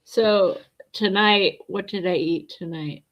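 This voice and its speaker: A woman's voice: medium pitch, slow pace, a bit bright, highs cut off. A middle-aged woman livestreaming, chatting bluntly and answering her viewers' comments as she goes. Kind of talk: casual livestream chat.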